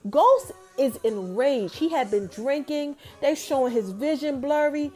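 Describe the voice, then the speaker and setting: High-voiced woman recapping a TV episode. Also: a little slow, soft background music. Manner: animated storytelling, talking straight to viewers. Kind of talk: casual TV recap.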